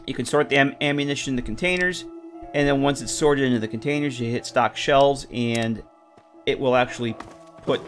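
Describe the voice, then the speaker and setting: A man casually streaming a game, rambling with lots of fillers and chatting with viewers. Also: medium pitch. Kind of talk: casual live-stream commentary.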